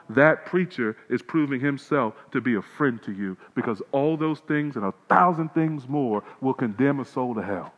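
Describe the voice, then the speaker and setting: A male pastor delivering a sermon, moving between loud proclamation and quiet pleading. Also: mid-range voice, normal speed, few pauses. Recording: lo-fi with long reverb, hall.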